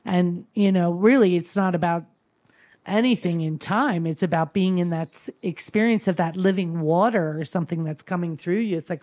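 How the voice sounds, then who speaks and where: A woman's voice: lowish voice, normal speed, warm tone. A woman sharing her spiritual experience at a gathering, earnest and tender, rambling with frequent fillers. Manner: rambling, full of "you know" fillers.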